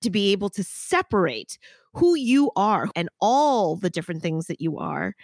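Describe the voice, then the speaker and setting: A woman's voice: mid-range voice, sing-song, normal speed, no room sound, clean studio sound. A woman hosting a podcast interview, talking frankly and emphatically and swearing casually. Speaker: podcast host. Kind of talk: candid interview conversation.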